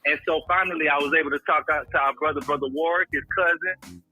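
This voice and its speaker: Bright, husky man giving testimony. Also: a little high, steady tone, fast talker, soft background music, low-quality recording. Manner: preacher-like, grows louder and intense; calls people brother, religious phrasing. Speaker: guest recounting a friend's illness. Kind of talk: impassioned testimony. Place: at home in Houston.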